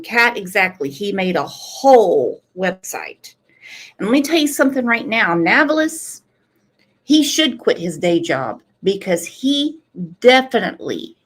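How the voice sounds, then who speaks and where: A woman hosting a true crime channel gives casual commentary on a livestream, speaking directly to her viewers in an unhurried, earnest way. Her voice sits in a middle pitch with a fairly bright tone, and she takes her time over each thought.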